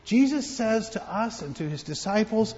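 Animated pastor telling children a story. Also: male voice, high-pitched, normal speed, big-room sound, lo-fi sound. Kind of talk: children's sermon. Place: church.

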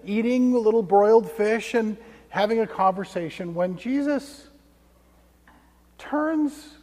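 Male pastor, high voice, conversational sermon with hushed asides, echoing sanctuary. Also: slow pace. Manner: conversational storytelling, dropping to hushed tones for emphasis. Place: church sanctuary. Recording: long church reverb.

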